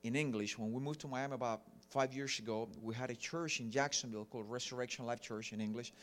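A man's voice: mid-range voice, fairly even intonation, fast, fairly bright tone. A middle-aged man from Cuba with a Cuban Spanish accent, preaching a sermon earnestly with many fillers. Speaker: pastor.

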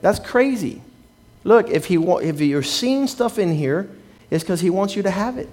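A man's voice: sits high, expressive, normal speed, darkish tone. A man preaching a sermon as a pastor, telling stories and acting out the people he quotes.

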